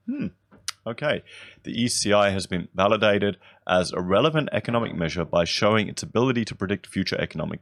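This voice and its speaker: A man's voice: low voice, creaky, no echo, clean studio sound. A man from Australia giving casual, sarcastic commentary while reading an article, with wry asides. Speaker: political commentary host.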